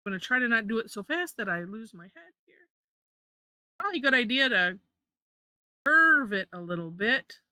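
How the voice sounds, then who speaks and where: A woman's voice: fairly high pitch, sing-song, moderate pace, long pauses, bright, forceful tone, no room sound. A woman leading a live drawing lesson, chatty, correcting herself and laughing often. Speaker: drawing instructor.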